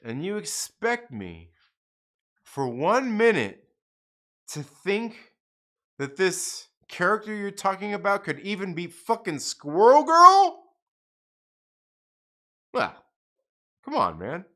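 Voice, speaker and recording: A man's voice: high voice, very animated, slow pace, pauses often, a bit bright. A man hosting a casual livestream, swearing a lot, laughing and ranting at chat comments with lots of repeats. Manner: profane, laughing, repetitive ranting. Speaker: livestream host.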